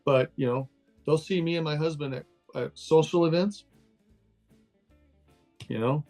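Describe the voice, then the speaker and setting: Gravelly-voiced older man, candid and chatty. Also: a little high, measured pace, darkish tone, soft background music. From Texas, USA. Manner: candid, laughs easily, loose and chatty. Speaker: guest. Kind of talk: casual interview over a call.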